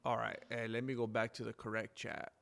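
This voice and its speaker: A man's voice: medium pitch, level tone, brisk, gravelly, a bit bright. A man hosting a live stream in casual chat, rambling, reading viewer names aloud and correcting himself as he goes.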